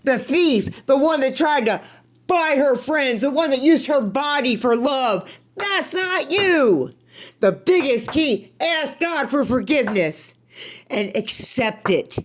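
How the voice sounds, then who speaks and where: A woman's voice: high voice, animated, slow. A woman hosting a podcast, giving an earnest spiritual self-help talk, candid and blunt with occasional swearing, speaking from her own recovery. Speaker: podcast host.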